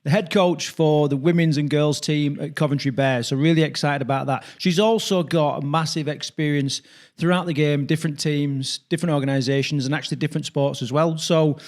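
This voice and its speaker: Fairly high-voiced man hosting a podcast. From England. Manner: relaxed, filler-heavy intro. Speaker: podcast host. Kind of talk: podcast introduction.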